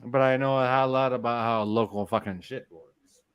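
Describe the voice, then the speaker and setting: A man's voice: medium pitch, fairly even intonation, moderate pace, clean tone, no room sound. A man, a livestream guest joking around, repeating catchphrases and swearing heavily. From Michigan, US. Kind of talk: casual profane banter.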